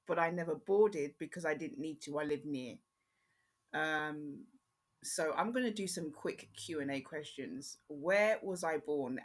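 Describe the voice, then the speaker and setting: A woman born in Jamaica, speaking with an English accent, hosting her own podcast in a chatty, rambling way with frequent pauses. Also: low voice. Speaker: podcast host. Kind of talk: casual solo podcast chat.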